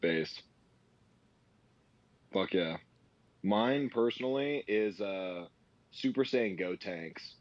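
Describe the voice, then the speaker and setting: A man calling in as a guest for casual chat, laid-back and slangy, with plenty of halting fillers and his mouth full of food. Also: lowish voice, lively intonation, dry recording, muffled recording. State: talking while eating. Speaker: call-in guest.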